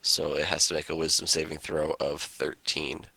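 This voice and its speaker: A man's voice: rumbling low, little pitch movement, normal speed, gravelly, pushed and bright, slightly rough, dry recording. A man playing a tabletop game, eagerly reading out the rules at length. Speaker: player.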